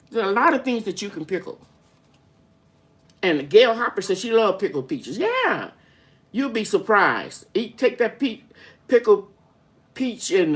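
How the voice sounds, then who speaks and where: An older woman hosting a live-stream gardening Q&A, chatty and folksy, greeting viewers by name as she rambles through explanations. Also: on the low side. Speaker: gardening channel host.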